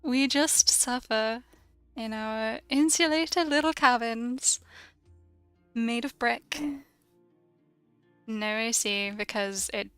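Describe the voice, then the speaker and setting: A woman's voice: on the high side, vocal fry, fairly bright tone, clean tone, no room sound. A young British woman from the UK chatting casually and rambling while she draws on a stream, laughing often. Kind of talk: casual chat while drawing.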